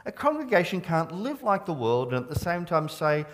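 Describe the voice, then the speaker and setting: A middle-aged pastor from Scotland, with an Australian accent that keeps a trace of Scottish, preaching a sermon earnestly and emphatically, often stumbling and restarting words. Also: male voice, a little high, very animated, moderate pace, slight background noise.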